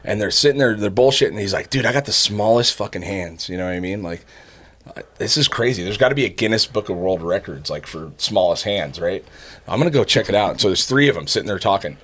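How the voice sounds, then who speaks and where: A man's voice: low voice, animated, fast talker, fairly bright tone. A man co-hosting a podcast, telling a long, profane joke in a loose, casual way with frequent laughs. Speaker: podcast co-host.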